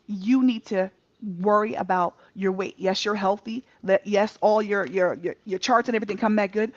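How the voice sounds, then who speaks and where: A woman telling a personal story in a candid casual chat over a video call, animated and laughing often, cursing freely. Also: medium pitch, no room sound. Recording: dull muffled lo-fi mic.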